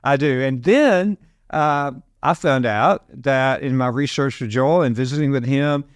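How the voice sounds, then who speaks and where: An older man with a Southern American accent hosts a business interview with gushing enthusiasm, often repeating himself and stretching words out for emphasis. His voice is smooth and resonant, recorded dry and close with no room sound. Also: medium pitch, unhurried, no echo. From Alabama. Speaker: podcast host.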